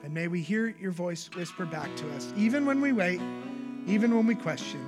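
A man preaching a sermon as pastor, moving between hushed whispered prayer and raised, emphatic preaching. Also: high voice, expressive, moderate pace, loud music behind the voice.

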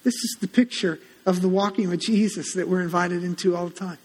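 Man, middle-aged, pastor, sermon, high voice, animated and conversational, acts out quotes, long church reverb. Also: brisk. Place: church sanctuary.

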